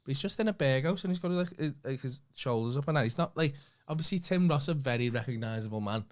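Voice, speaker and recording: A man with a Liverpool accent, a comedian co-hosting a podcast, telling a story in an animated way, swearing freely and acting out what other people said. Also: mid-range voice, quick pace. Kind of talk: casual anecdote telling.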